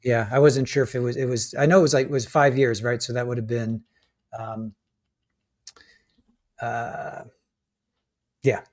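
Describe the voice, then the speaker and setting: A man's voice: mid-range voice, level tone, unhurried, pauses often, darkish tone. A man co-hosting a live trial commentary stream, talking casually with many restarts and hesitations while reading out legal points.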